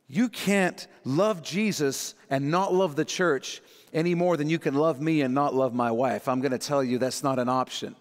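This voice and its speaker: A fairly high-voiced male pastor preaches with animated delivery, slipping into voices to act out quotes. His words ring out with a long reverb from the church sanctuary around him. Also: normal speed. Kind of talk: sermon.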